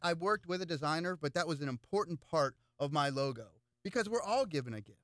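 Animated man telling stories, clear voice. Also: fairly high pitch, fast talker, no room sound, clean studio sound. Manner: animated storyteller with frequent repeated words. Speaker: political candidate. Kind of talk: casual interview chat, storytelling.

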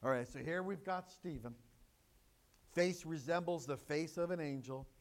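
A man with a high, light voice delivers a sermon from the pulpit. He moves between easy, conversational asides and rhetorical questions and emphatic, swelling exclamations, dropping his voice for quieter points and lifting it for appeals. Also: moderate pace. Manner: emphatic preaching, rising to loud exclamations. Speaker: pastor.

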